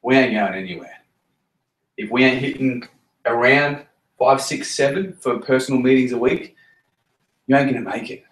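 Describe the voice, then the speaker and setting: A man's voice: mid-range voice, normal speed, pauses often. A man leading a team meeting, talking bluntly and repeating himself, with plenty of swearing. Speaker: team leader running a meeting. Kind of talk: blunt motivational talk. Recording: roomy sound from a distance.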